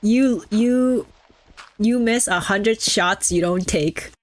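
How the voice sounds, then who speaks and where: A young woman chats her way through a game stream, playfully teasing viewers and putting on mock airs. Her voice sits at a middle pitch and sounds close and dry, with no room echo. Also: takes it slowly. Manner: playful, teasing chat with mock-snobby banter. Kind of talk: casual live-stream chatter while gaming.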